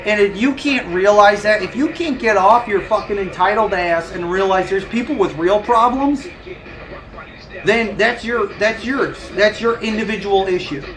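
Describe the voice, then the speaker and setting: Crowd noise fills this low-quality livestream recording, where a high-pitched man talks at normal speed. He chats casually and rants profanely, breaking into frequent laughter.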